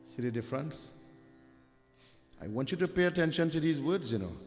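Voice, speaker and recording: A man's voice: fairly high pitch, lively intonation, normal speed, darkish tone. A man preaching a devotional sermon, emphatic and repetitive, addressing his listeners directly. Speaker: Hindu preacher. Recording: reverberant hall with faint music.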